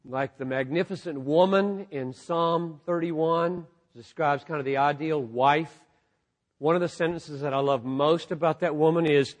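A man preaching a sermon to a live audience with passion, dropping to a hush and then rising almost to a shout. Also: a little high, a little slow. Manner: impassioned, swinging from hushed to near-shouting. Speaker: pastor.

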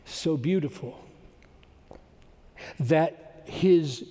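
A man preaching a sermon, moving between quiet explanation and loud, soaring emphasis. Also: a little high, slow pace, pauses often. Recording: long hall reverb.

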